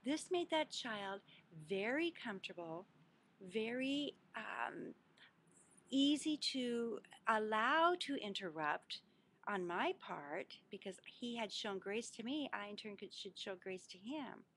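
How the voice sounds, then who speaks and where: A middle-aged woman speaks straight to the camera as host of her own advice show. She talks about raising children in an earnest, instructive way and leans hard on the points she wants to land. Her voice sits at an ordinary middle pitch for a woman. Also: lively intonation, slow pace, fairly bright tone. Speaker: parenting coach. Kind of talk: direct-to-camera advice talk.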